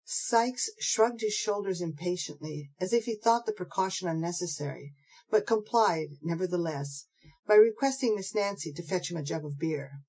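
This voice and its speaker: A woman narrating an audiobook of a classic novel in a steady, measured way. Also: fairly low pitch, breathy edge, poor audio. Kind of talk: scripted narration.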